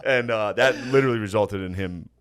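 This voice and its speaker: A man in his thirties telling stories on a casual podcast, laughing often, swearing freely and breaking into loud impressions of his dad. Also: fairly low pitch, fairly quick, clean tone. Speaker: podcast co-host.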